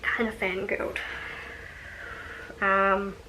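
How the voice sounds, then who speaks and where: A woman's voice: medium pitch, level tone, takes it slowly, noisy background. A young woman chatting casually to her vlog audience, rambling with frequent ums and light laughs. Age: young adult. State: out of breath. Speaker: vlogger.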